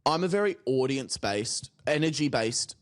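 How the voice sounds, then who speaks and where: A young man, co-hosting a casual podcast. He tells stories with big swings in his voice and acts out quotes as he goes. He swears freely and sounds restless and expressive. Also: mid-range voice, normal speed. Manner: animated, swearing, storytelling with acted-out quotes. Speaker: comedian and podcast co-host.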